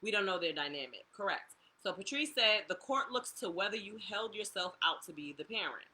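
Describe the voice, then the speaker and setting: A woman's voice: mid-range voice, expressive, brisk, pushed and bright. A woman co-hosting a casual live chat, questioning her partner and reading viewer comments aloud.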